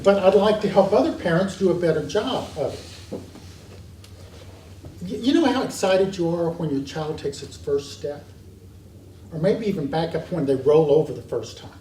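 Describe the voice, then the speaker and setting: A man's voice: sits high, dark tone, roomy sound. Male class teacher, earnest and emphatic, recorded from far off with faint hiss. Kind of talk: classroom lecture. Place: church meeting room.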